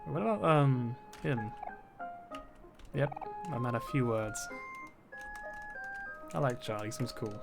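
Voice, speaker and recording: Streamer, lively casual commentary, gravelly texture. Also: medium pitch, slow pace, long pauses. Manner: quiet asides, swearing, laughing. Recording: game music under the voice.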